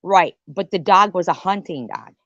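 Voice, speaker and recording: A woman's voice: lowish voice, lively intonation, moderate pace, fairly bright tone, no echo, lo-fi sound. A woman hosting a late-night live stream chat, telling stories in a profane, rambling rant. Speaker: livestream host.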